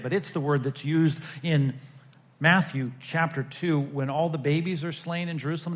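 In a medium-pitched voice, a male pastor preaches to his congregation in a conversational way. He moves back and forth between emphatic peaks and quiet, hushed lines.

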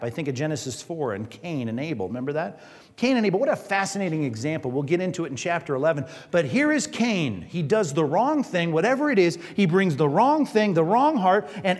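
A male pastor giving a conversational sermon, often asking the congregation questions. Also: a little high. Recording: reverberant hall.

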